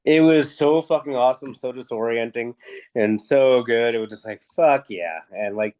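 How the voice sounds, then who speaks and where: A man's voice: mid-range voice, moderate pace. Man telling a story with quoted dialogue. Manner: animated anecdotes, acting out quoted dialogue, frequent swearing. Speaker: guest, music promoter. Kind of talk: casual storytelling interview.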